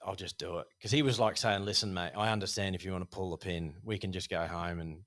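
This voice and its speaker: A man, a guest telling a casual, animated story about his boxing past with many fillers. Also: low voice, quick pace. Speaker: podcast guest, former Thai boxer.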